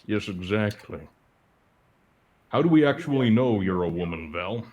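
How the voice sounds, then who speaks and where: A man with a very low, deep voice trades dry, teasing jokes in relaxed stream chatter. He talks casually with friends, deadpan and playful. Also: measured pace, lo-fi sound. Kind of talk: casual chat on a gaming stream.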